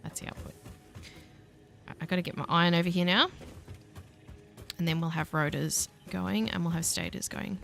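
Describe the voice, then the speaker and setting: A young Australian woman streaming a factory-building game, thinking aloud and chatting with viewers, quick to laugh at herself. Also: on the low side, creaky, fairly bright tone, faint music behind. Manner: self-deprecating, laughs easily. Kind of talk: casual let's-play commentary. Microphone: desk mic, voice only without face cam.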